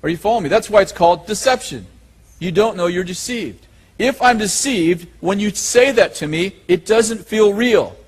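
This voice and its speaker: A man's voice: sits high, moderate pace, slightly rough. A man preaching a sermon, emphatic and repeating his key lines while asking the audience questions.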